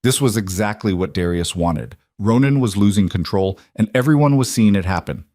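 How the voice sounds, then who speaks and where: A man narrating a paranormal romance audiobook in a dramatic, measured way. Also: lowish voice, expressive, darkish tone, no echo, studio quality. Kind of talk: scripted narration.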